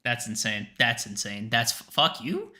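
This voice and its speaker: A man's voice: mid-range voice, lively intonation, moderate pace, sharp tone. A young man co-hosting a casual podcast livestream, exasperated and swearing often as he protests. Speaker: podcast co-host.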